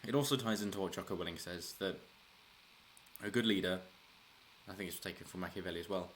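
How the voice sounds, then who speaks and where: In a loose solo commentary on politics, a man with a very low, slightly bright voice talks quickly, chuckling and frequently starting sentences over. A faint hiss runs under the recording.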